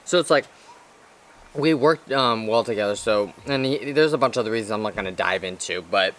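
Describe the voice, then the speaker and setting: A man's voice: on the low side, brisk, fairly bright tone. A young man, a podcast co-host, telling a story in casual chat, rambling with lots of restarts and slang. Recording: faint background noise.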